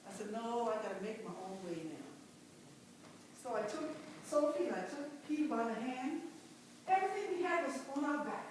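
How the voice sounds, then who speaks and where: Woman acting as a devout determined mother once enslaved, first-person stage monologue, impassioned and exclamatory, high voice, very echoey church from afar. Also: lively intonation, normal speed, slight background noise, natural voice. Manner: impassioned, with many cries of "oh". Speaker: church dramatic performer. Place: large church sanctuary. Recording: very echoey church, mic far off.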